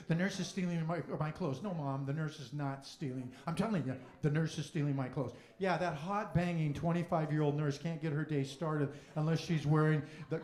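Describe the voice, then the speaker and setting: A man performs stand-up comedy in a live club, his voice a touch higher than most men's. He moves quickly from joke to joke and rattles off long, deadpan lists. The room around him rings with echo.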